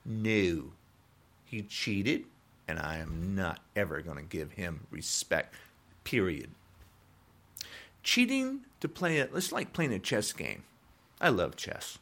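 A man's voice: fairly low pitch, a bit bright. A man of sixty ranting on his own podcast, heated and repetitive, his voice jumping up when he gets indignant. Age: 60s. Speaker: podcast host. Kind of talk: political rant podcast.

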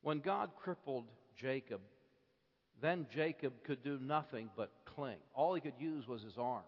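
Male preacher, slow measured sermon delivery, hushed to impassioned, echoing church hall. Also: mid-range voice. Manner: builds from hushed to impassioned, slow deliberate phrasing. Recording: dull lo-fi recording with long hall reverb.

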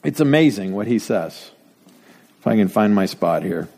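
Man, sermon, lively swooping pitch, dry asides, long hall reverb. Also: moderate pace, vocal fry. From Denver, United States. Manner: rhetorical questions, dry asides. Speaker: pastor.

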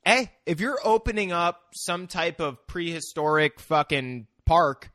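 A man's voice: on the high side, expressive, a little slow, few pauses, sharp tone, no room sound, clean studio sound. A young man co-hosting a podcast, chatting about a movie in a laid-back, agreeable way with plenty of swearing. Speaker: podcast co-host. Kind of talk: casual movie recap chat.

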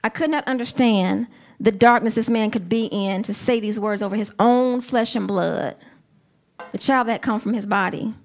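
A woman preaching a sermon to a congregation, earnest and emphatic, with slow, deliberate phrasing. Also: fairly high pitch.

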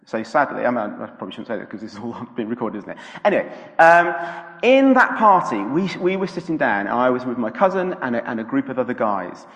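Guy preaching in church, chatty and halting, lots of ums, gravelly voice, big echoey hall. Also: medium pitch, big pitch swings, fairly bright tone. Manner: chatty, halting, many fillers and restarts. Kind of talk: informal sermon with a personal story.

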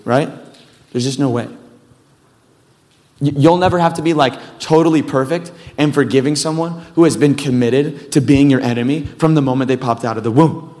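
A man's voice: mid-range voice, moderate pace, a little mellow. Male pastor, casual sermon delivery, rambling asides, mid-range voice, long hall reverb.

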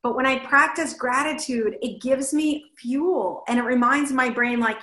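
Lively woman giving a motivational talk. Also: sits high, unhurried, few pauses, reverberant, rough recording. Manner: lively, animated, acts out inner voices. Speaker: host and speaker.

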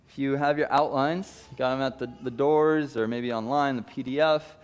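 A man in his thirties preaching a sermon as a pastor, reading scripture and acting out the quoted lines with lively emphasis. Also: on the high side, moderate pace, few pauses.

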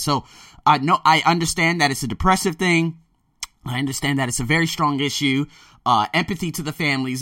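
A man's voice: medium pitch, fairly bright tone, dry recording, clean studio sound, distant mic. A man giving a casual, rambling monologue about a book, emphatic and often profane. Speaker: podcaster discussing a book.

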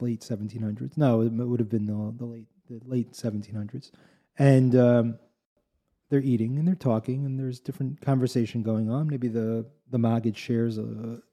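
A man's voice: medium pitch, mellow. A man telling a folk tale in a casual, rambling way with asides and restarts. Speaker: storyteller. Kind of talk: casual spoken storytelling.

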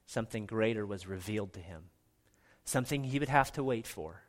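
A middle-aged man preaching a sermon as pastor, earnest, often dropping to a soft, hushed delivery for emphasis. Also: lowish voice, lively intonation, a little fast.

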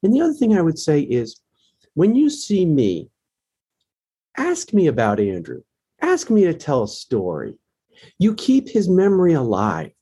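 Husky middle-aged man, earnest and emotional. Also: fairly high pitch, huge pitch swings, unhurried, pauses often, warm tone. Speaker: guest, bereaved father running a foundation. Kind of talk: podcast interview.

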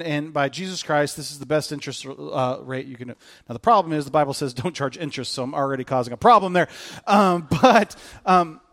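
A man's voice: fairly high pitch, fairly bright tone. A middle-aged man preaching a casual sermon as pastor, joking with the congregation and acting out quoted lines. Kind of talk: conversational sermon.

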